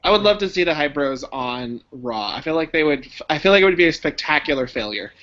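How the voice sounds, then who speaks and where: Wry male podcast guest, slightly high voice. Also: brisk. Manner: wry, deadpan quips. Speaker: guest comedian and radio host. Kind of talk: casual podcast chat. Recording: dull lo-fi podcast audio.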